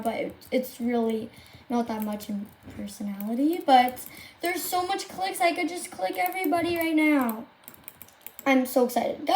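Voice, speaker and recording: A woman commentating live gameplay to her viewers, gushing and excitable, often squealing and exclaiming. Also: sits high, a little hiss or hum. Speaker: game streamer.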